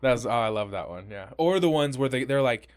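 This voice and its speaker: A man co-hosting a podcast, chatting casually and cursing freely. His voice sits at an ordinary middle pitch, and he tells stories by slipping into quick quoted voices. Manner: swears freely, animated storytelling with acted quotes. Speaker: podcast co-host. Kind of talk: casual chat.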